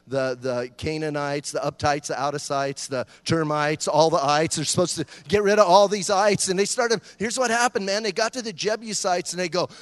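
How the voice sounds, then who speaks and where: High-voiced animated preacher in a hall. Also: male voice. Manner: animated preacher acting out voices, joking with the congregation. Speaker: pastor. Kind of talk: sermon.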